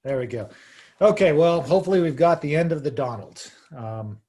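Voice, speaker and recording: A man's voice: a little high, expressive, moderate pace, darkish tone. Wry man presenting on a video call. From Arizona. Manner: wry, dry humor, casual asides. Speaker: lawyer giving a talk.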